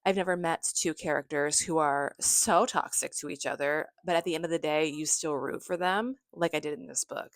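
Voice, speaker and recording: A young woman talks through her reading month in a relaxed, effusive way, dropping the odd swear. Her voice sits low for a woman, and the close mic is dry with no room sound. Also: normal speed, hardly any pauses, no echo. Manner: chatty and effusive, swears casually. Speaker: book vlogger. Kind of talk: casual monthly book recap.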